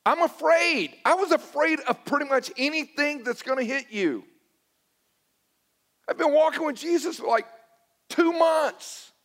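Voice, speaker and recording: A man's voice: very high-pitched, expressive, a little slow, long pauses, fairly bright tone. A middle-aged man preaching a sermon as a pastor, telling stories in a conversational, self-deprecating way and acting out his own past dialogue.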